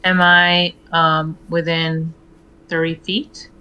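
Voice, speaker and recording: A woman playing a tabletop game online, hesitant and filling pauses with ums. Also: low voice, little pitch movement, clean tone, dull audio. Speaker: player.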